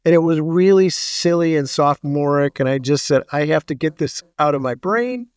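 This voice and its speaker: Puns and dad jokes run through this middle-aged man's casual storytelling as he co-hosts a podcast, tossing in quick asides. He has a fairly high, clear and resonant voice, captured cleanly in a studio without room sound.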